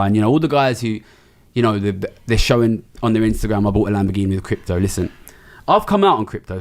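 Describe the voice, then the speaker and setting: A middle-aged man from Britain giving an interview, blunt, emphatic and full of swearing. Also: mid-range voice. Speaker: interview guest, trader. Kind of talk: candid interview talk.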